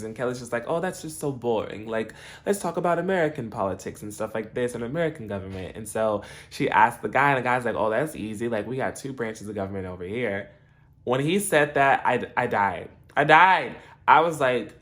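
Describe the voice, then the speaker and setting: A young man casually recapping a TV episode, animated and laughing, acting out the characters' lines. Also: mid-range voice, normal speed. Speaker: TV episode reviewer.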